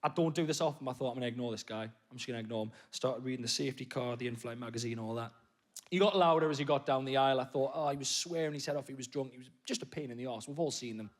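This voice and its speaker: A man doing stand-up comedy on stage, telling a story with sudden loud bursts and low muttered asides. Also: fast talker. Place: comedy stage before a live audience.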